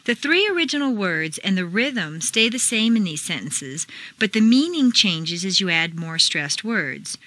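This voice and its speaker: A woman's voice: medium pitch, very animated, unhurried, a bit bright, no echo, rough recording. A woman with an American accent reading a scripted pronunciation lesson, carefully enunciating each model sentence. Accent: General American. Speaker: accent teacher.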